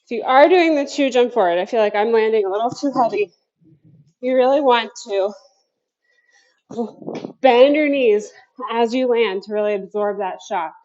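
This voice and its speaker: A fairly high-voiced woman leads a workout from her basement, upbeat and a little out of breath. She counts down each set and chats between moves. The sound is dull and lo-fi. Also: normal speed, pauses often, a little mellow. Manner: upbeat coaching with counting cues and chatty asides. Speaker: fitness instructor. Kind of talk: workout class instruction. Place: home basement.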